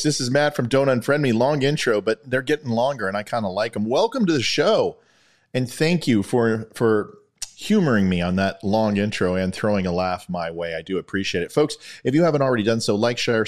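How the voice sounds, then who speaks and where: A male podcast host talks casually and tells stories with animation, poking fun at himself. His voice is fairly low but swings widely in pitch. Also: a little fast. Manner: animated, self-deprecating. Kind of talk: casual monologue and storytelling.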